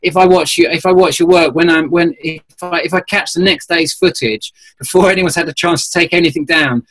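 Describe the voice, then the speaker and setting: A man's voice: fairly high pitch, steady tone, fairly quick, fairly bright tone, poor audio. A man talking as a guest on a call-in show, earnest and rambling, restarting his sentences often. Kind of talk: conversational call-in chat.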